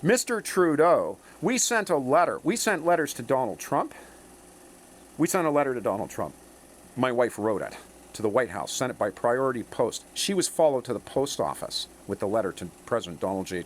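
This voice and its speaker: Man, rambling monologue, emphatic, lively swinging pitch, faint noise behind. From Canada. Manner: emphatic, keeps checking in with "okay?" and "eh?".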